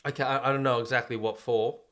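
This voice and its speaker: A young man co-hosting a comedy podcast, casually pitching a crude, joking movie plot. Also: fairly even intonation, quick pace, fairly bright tone. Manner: laid-back storyteller, crude jokes. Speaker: podcast co-host.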